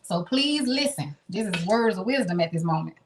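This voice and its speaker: A woman's voice: medium pitch, lively intonation, moderate pace, heavy background noise. A woman in her thirties hosting a casual live cooking stream from her home kitchen, chatting straight to her viewers. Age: 30s. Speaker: home cooking show host.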